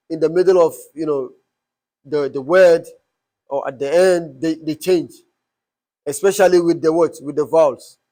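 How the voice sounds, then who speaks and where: Man, high voice, classroom teacher, asks questions over and over. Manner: quizzing the class with repeated questions. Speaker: Arabic teacher.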